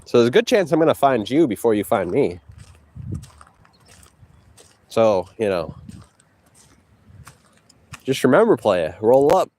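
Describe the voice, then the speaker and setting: A man's voice: medium pitch, very animated, moderate pace, a little mellow, a little hiss or hum. A man vlogging outdoors while walking, taunting and boasting at a rival through a handheld phone. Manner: taunting, boastful, talks to a rival between breaths. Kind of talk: trash-talking walk vlog. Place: outdoors on a walk.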